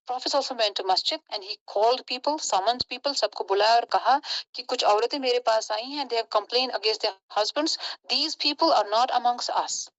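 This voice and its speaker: A young woman giving an earnest, animated religious talk, telling stories in a mix of English and Hindi. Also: on the high side, no echo, dull audio. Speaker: Islamic lecturer.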